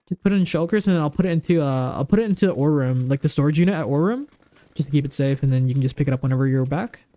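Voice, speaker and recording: A man's voice: on the high side, rapid-fire, mellow, dry recording. A man streaming a game live, chatting casually and rambling while he answers viewers' questions at a desk microphone.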